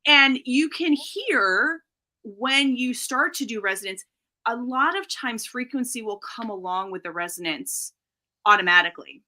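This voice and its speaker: A woman speech therapist in an interview, talking through voice technique. She shows each point with her own voice as she goes. Her tone is bright and forward. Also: a little high, expressive, unhurried. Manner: demonstrates voice placement while explaining. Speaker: speech-language pathologist guest. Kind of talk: explanatory interview talk.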